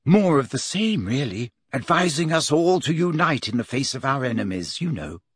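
A fretful, bossy teenage schoolgirl talks briskly and earnestly, as a male narrator lifts his voice for her. Her pitch sits well above his. The sound is dry and close. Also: very animated, breathy edge, dry recording.

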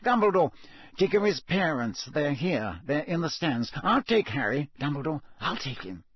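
Give me a man voicing a flustered middle-aged official in a storybook reading. He is loud, agitated and bossy, pitched well up from the reader's own voice. Dry, close sound. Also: very animated, moderate pace, breathy edge, exaggerated voice. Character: flustered middle-aged male government minister, fussing loudly. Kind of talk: audiobook character voice.

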